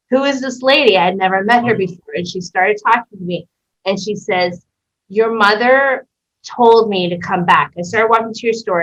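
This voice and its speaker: A woman from Canada, a guest in a casual interview, telling a story in an animated way, acting out voices and swearing freely. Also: mid-range voice. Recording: dull lo-fi sound.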